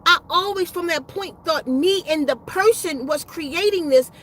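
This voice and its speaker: High-voiced woman, casual storyteller, loose and profane, circles back mid-sentence. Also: a little slow, a bit bright, a little hiss or hum, low-quality recording. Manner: rambling and profane, with restarts and slang. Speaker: spiritual vlogger.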